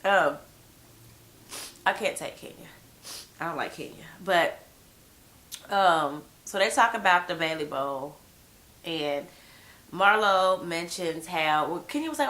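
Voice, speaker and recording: A woman's voice: fairly low pitch, expressive, takes it slowly, long pauses, a bit bright. A woman with a head cold giving a blunt, slangy, gossipy recap of a TV episode in casual chat. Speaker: TV show reviewer.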